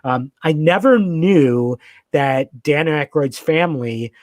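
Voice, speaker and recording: A man's voice: fairly high pitch, slow, darkish tone, no echo. Eager, rambling man on a podcast. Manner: enthusiastic, rambling with many fillers and restarts. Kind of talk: casual podcast chat.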